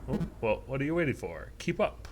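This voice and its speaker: A man voicing a surly male prison guard, speaking in a curt, grumbling way over loud game music. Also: medium pitch, sing-song, fairly quick, voice pushed up, close to an everyday voice.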